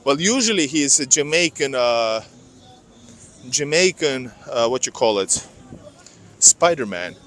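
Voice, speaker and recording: A man's voice: mid-range voice, sing-song, measured pace, pauses often, fairly bright tone, slight background noise. A man walking a city street in winter, talking casually and rambling to his viewers on a clip-on mic. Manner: rambling, chatty, addresses viewers as guys. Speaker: vlogger. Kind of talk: casual live street vlog. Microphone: clip-on microphone.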